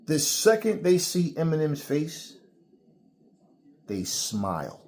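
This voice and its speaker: A man's voice: fairly high pitch, big pitch swings, slow, a little mellow. A middle-aged man, the channel's host, ranting casually and profanely, acting out mock quotes as he tells his stories. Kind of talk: casual vlog rant.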